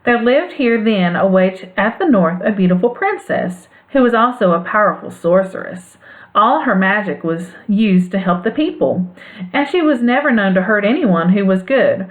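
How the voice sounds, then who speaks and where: A woman's voice: medium pitch, lively intonation, moderate pace, close to an everyday voice. A woman reading a storybook, voicing a courtly male winged monkey king telling a tale. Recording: phone-like narrow band sound.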